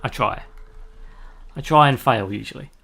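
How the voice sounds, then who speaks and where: A man's voice: mid-range voice, moderate pace, vocal fry, pushed and bright. A man in the middle of a live gameplay stream, chatting with his viewers in a loose, rambling way. He laughs easily at his own jokes and drifts from one thought to the next. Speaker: live streamer playing a video game.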